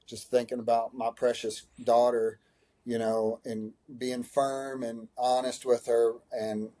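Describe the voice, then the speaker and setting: A man with a mellow, dark-toned voice at a middle pitch, talking as a high school running coach on a podcast. He speaks earnestly and gets emotional, circling back with restarts and fillers. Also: little pitch movement, slow. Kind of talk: podcast interview answer.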